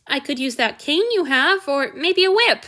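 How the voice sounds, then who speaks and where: A woman's voice: high voice, very animated, unhurried, a bit bright, voice pushed up, full character voice. A woman reading aloud, voicing a meek, devoted young male servant who pleads and abases himself. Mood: eager. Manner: pleading, self-abasing. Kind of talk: audiobook reading.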